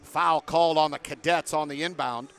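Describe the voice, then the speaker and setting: A man's voice: on the high side, fairly even intonation, normal speed, fairly bright tone, clear, resonant tone. A man doing play-by-play for a basketball game from a broadcast booth, chatting with guests between plays. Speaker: play-by-play announcer.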